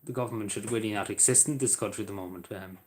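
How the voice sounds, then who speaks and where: An Irish man chats casually with his live-stream viewers in a lowish, darkish voice. His talk is halting and rambling, full of fillers, and he apologizes often.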